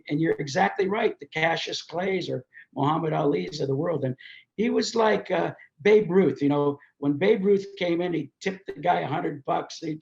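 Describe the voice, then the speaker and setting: Gravelly older man telling lively stories. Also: a little high, dull audio. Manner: animated, acts out quoted voices while telling anecdotes. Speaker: guest, race promoter. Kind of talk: storytelling in a podcast interview.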